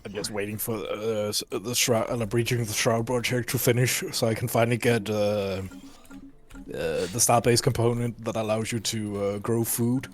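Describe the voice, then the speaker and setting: A man's voice: lowish voice, steady tone, moderate pace. A man in casual game voice chat, hesitant, stammering and repeating words. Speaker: player.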